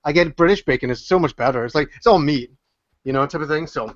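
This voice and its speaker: His voice is on the high side and he talks fast, a Canadian YouTuber joking and rambling through a casual podcast guest spot with lots of fillers and restarts. There's no room sound, though the podcast audio is muffled and lo-fi.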